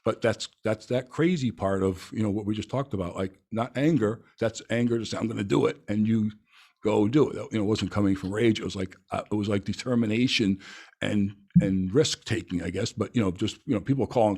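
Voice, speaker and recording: A man's voice: fairly low pitch, brisk, a little mellow. A man hosting a podcast, chatting casually and telling a long story with many restarts and fillers. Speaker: podcast host. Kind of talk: casual interview chat.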